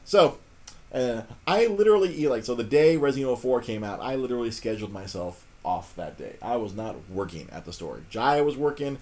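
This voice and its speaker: A middle-aged man hosting a podcast, telling a story in a casual, animated, self-mocking way with plenty of swearing. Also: mid-range voice, brisk. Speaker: podcast host.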